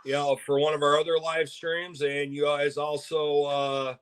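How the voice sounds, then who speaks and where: A man co-hosting a casual live stream, telling a story in a rambling, halting way. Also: a little high, little pitch movement, fairly bright tone, smooth. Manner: rambling, halting, laughs often. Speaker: co-host.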